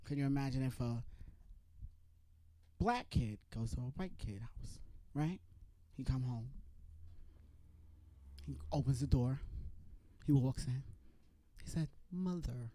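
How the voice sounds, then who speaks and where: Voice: medium pitch, slow pace, pauses often, dark tone. Stand-up comic with a New York accent. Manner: chatty, acts out other people's voices. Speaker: stand-up comedian. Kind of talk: stand-up set at an open mic. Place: comedy club stage.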